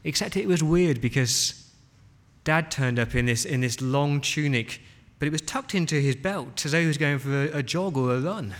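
A male preacher retelling a scripture story in the first person as a child eyewitness, with dramatic pauses. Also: a little high. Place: church hall. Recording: long hall reverb.

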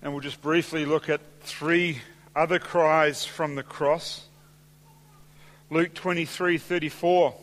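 A man delivers a sermon from the pulpit in a fairly high voice, steady and deliberate. He eases into softer, slower phrasing when quoting scripture. The sound carries a long church-hall reverb. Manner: measured preaching, slowing and softening for scripture quotes. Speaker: pastor.

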